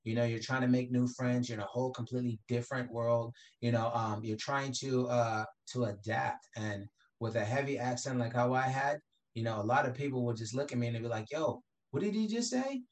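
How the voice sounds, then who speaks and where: A man's voice: mid-range voice, little pitch movement, brisk. A man from the Caribbean, a guest talking about his background in a casual interview, loose and full of "you know" fillers. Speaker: guest, entrepreneur.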